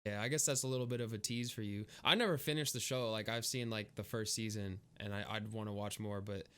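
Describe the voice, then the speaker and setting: A man's voice: fairly low pitch, steady tone, brisk, a bit bright, clean tone. A young man co-hosting a casual podcast, rambling with lots of fillers and frequent laughter. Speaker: podcast co-host. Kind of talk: casual chat.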